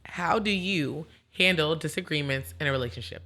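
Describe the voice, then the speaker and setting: A woman hosting a podcast, chatting in an animated, rambling way and laughing easily. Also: low voice, normal speed. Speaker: podcast host. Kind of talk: casual chat.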